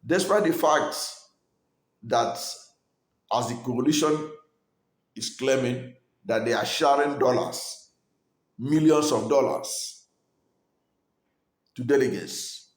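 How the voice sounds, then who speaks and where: An earnest man from Nigeria delivers political commentary in a mid-pitched voice. He argues his point steadily, often pausing on fillers and restarting phrases, and the recording sits in a noticeably echoey room.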